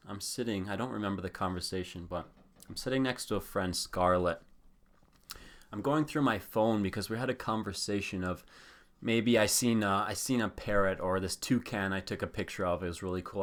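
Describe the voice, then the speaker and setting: A man's voice: lowish voice, a bit bright. A young man hosting a podcast, telling a rambling, profane story in a casual chat style. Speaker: podcast host.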